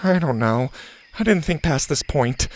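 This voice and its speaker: A man's voice: lively intonation, measured pace, slight background noise. A man voicing an anxious, jumpy young camper in a storybook reading. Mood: uncertain. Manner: high, fretful and sulky.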